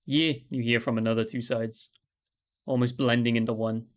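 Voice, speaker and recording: A man's voice: medium pitch, little pitch movement, normal speed. A man with a mid-range voice narrates a tabletop game as its game master. He talks loosely and laughs easily. He stops often to correct himself.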